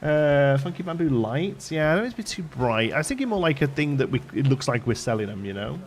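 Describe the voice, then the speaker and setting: Building in a game on a live stream, this English host keeps up casual, wandering chat and laughs a lot. His medium-pitched voice carries a light Liverpool tinge, quick and sing-song, over slight background noise and faint background music.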